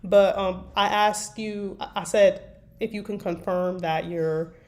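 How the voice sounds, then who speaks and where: Sitting at her computer desk, a woman writes fan fiction while chatting casually with her live stream viewers, rambling and teasing herself. Her medium-pitched voice stays steady and moves a little slowly. Faint keyboard typing and clicks sound in the background.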